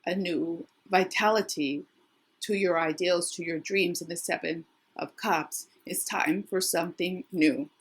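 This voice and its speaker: A middle-aged woman talks through a tarot reading in a casual, thinking-aloud way, often restarting her sentences. Her voice is husky and a little worn. It sits fairly low for a woman. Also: unhurried. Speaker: tarot reader.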